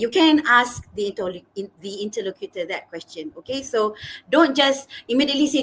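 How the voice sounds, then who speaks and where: A woman's voice: a little high, fairly quick, low-quality recording. Encouraging woman teacher. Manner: encouraging, reassuring, animated. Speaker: teacher and exam interlocutor. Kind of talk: exam advice in an online lesson.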